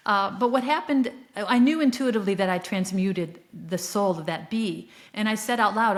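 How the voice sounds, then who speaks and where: A woman hosting her own podcast, telling a personal story in an earnest, reflective way, with soft laughs and frequent fillers. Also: mid-range voice, normal speed. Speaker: podcast host. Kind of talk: solo spiritual podcast storytelling.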